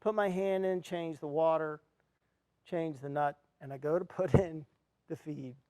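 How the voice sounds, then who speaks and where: Earnest male speaker, slightly high voice, heartfelt storytelling, close dry sound. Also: measured pace, darkish tone, dry recording. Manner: earnest storyteller, acts out his own reactions. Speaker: speaker at an education event. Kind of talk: motivational talk with personal story.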